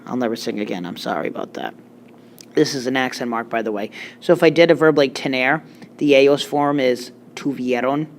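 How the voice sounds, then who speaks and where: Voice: mid-range voice, fairly quick, a little hiss or hum. A Spanish teacher giving a recorded grammar lecture, explaining step by step with joking asides.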